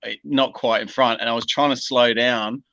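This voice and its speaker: An Australian man, a guest in a casual video-call interview, talking in a laid-back, unhurried way with plenty of pauses and ums. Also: medium pitch, fairly even intonation, creaky, fairly bright tone, no room sound, rough recording.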